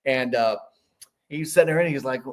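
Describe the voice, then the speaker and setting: A man's voice: medium pitch, moderate pace. Rambling storyteller man in his fifties. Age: 50s. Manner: rambling, animated, many restarts. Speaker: podcast guest, business owner. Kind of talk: casual storytelling.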